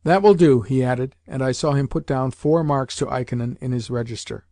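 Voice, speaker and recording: A man reading a novel aloud in measured, even scripted narration. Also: medium pitch, dry recording, studio quality. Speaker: audiobook narrator.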